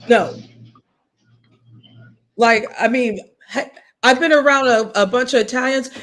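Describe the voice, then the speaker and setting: Woman co-host, blunt and profane, slightly high voice, casual opinionated chat. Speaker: podcast co-host.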